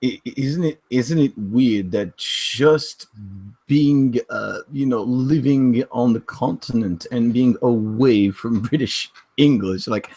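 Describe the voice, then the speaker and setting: A man's voice: mid-range voice, slow pace, warm tone, slightly rough. A man joining a casual live-stream chat, interjecting and teasing.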